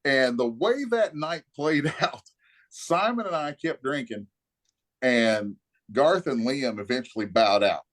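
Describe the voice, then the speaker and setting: A man's voice: medium pitch, measured pace. Profane man telling stories. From Kentucky, USA. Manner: profane, animated storyteller. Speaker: guest, comic artist. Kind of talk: casual storytelling anecdote.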